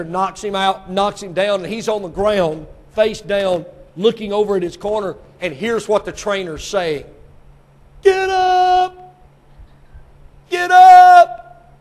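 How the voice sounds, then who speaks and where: A man preaching a sermon, swinging from quiet teaching to shouted exhortation. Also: high voice.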